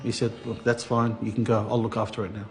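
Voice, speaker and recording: A man's voice: fairly low pitch, level tone, faint music behind. A man in an interview recounting an ordeal, stumbling over restarts and acting out what others said. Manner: acts out others' lines, halting restarts. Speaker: interviewee recounting being scammed. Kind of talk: animated storytelling interview.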